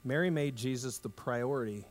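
Man preaching in a reverberant church. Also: moderate pace. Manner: conversational preaching, rises in emphasis, drops low for tender asides. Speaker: pastor. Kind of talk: sermon. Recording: long hall reverb.

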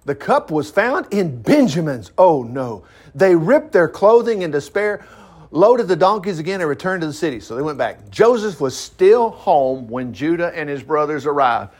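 Man, Bible teacher, high-pitched, very lively pitch, chatty asides. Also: moderate pace. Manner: animated, chatty asides, laughs often. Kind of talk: reading scripture with commentary.

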